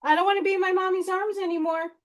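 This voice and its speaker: A woman's voice: extremely high pitch, fairly even intonation, fast talker, voice pushed up. A woman voicing a sassy pet cat. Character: sassy young female house cat.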